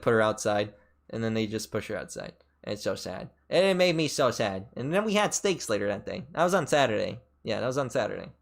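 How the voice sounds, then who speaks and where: Rambling young man streamer, jumpy pitch. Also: vocal fry. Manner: rambling storytelling full of fillers and restarts; pitch jumps sharply up and down mid-story. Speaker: VTuber streamer. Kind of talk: casual stream chat.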